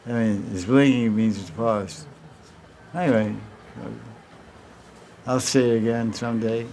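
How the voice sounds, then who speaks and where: At a measured pace and with fairly even intonation, a spiritual teacher with a mid-range, darkish male voice tells a story and acts out its dialogue, often restarting. Slight background noise accompanies this devotional lecture with questions.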